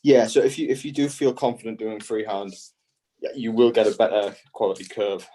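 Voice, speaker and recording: Despite hiccups, this kite builder calmly demonstrates his panel-cutting method one step at a time. He speaks a little fast in a fairly low, dark voice with fairly even intonation, and the audio is poor.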